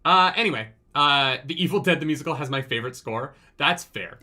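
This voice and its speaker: A man co-hosting a casual book club podcast, recapping chapters in an animated way, swearing and acting out the characters. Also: a little high, a little fast. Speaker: podcast co-host.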